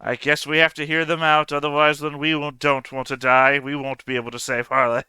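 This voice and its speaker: A man's voice: fairly high pitch, level tone, brisk, sharp tone, clear, resonant tone, no room sound. A man playing a tabletop game, joking and wisecracking with the table. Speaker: player. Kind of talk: casual tabletop banter.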